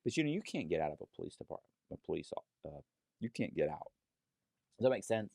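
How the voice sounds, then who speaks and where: A man with a lower voice tells his story in a casual interview, swinging his pitch widely as he acts out the other people in it. His delivery is animated and full of swearing, and the sound is dry and close. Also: quick pace, gravelly, no room sound. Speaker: guest telling his story.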